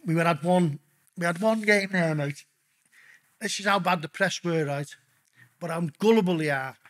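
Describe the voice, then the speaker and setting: In a casual storytelling interview, a middle-aged man speaks as a podcast guest with a high, slightly bright voice at a moderate pace. He's blunt and casual, swears constantly and calls the host mate.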